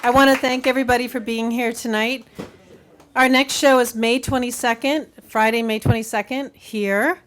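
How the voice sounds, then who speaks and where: A woman closing out a storytelling event, thanking the crowd and promoting the next show. Her voice sits a little high, and her delivery is upbeat and chatty. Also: steady tone, moderate pace, slight background noise. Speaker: host of a storytelling night. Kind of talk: closing announcements at a live event.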